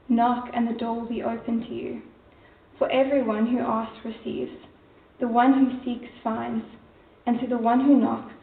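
A woman reading scripture aloud in a church in a steady, even manner. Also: on the high side, vocal fry. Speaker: scripture reader. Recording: distant, roomy, tinny phone-like.

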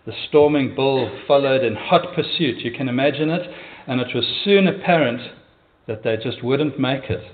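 A man's voice: medium pitch, normal speed. Pastor guy giving a sermon, earnest and chatty, mid voice, tinny phone sound. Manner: earnest, conversational preaching with hesitations. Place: church.

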